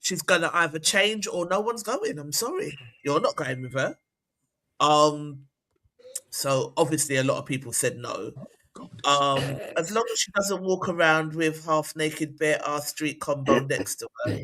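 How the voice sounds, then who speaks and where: A woman's voice: low voice, a little slow, a bit bright. A woman hosting a casual chat, reading out viewer comments with blunt, laughing asides. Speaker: host.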